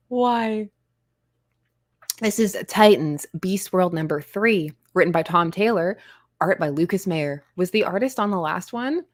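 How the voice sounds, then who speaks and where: A woman's voice: medium pitch, very animated, slow pace, long pauses, no echo. Woman, comics stream host, casual chat, giggly, self-deprecating, dry close sound.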